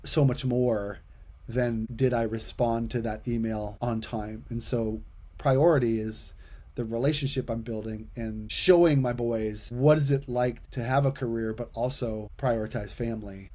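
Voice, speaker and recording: Halting man hosting a podcast. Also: mid-range voice. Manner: warm-hearted, halting, stammers and restarts. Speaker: podcast host. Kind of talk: podcast interview, casual chat.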